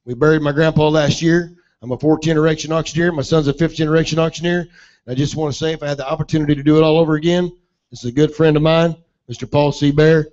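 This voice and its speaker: Brief: male auctioneer in his forties, slightly high voice, sincere address, muffled live sound. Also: fairly even intonation, fast talker, darkish tone. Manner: earnest, plain-spoken tribute. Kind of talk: heartfelt speech to an audience. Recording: muffled lo-fi recording.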